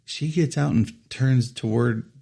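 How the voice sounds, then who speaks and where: A man in his thirties telling a personal story in casual chat, animated and often laughing as he acts out other people's lines. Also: mid-range voice, a little slow, creaky, slightly rough. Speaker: podcast co-host telling a story.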